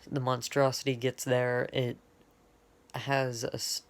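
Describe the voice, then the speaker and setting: Slow, gravelly man rambling through a story. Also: medium pitch, little pitch movement. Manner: rambling, casual, often pauses to correct himself. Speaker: fan storyteller. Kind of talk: off-the-cuff fan lore retelling.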